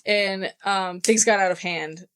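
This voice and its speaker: A woman in casual book club chat, retelling a story by acting out its lines in quick bursts. Her voice sits at an ordinary middle pitch. She swears freely and laughs between quotes. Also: a bit bright, smooth.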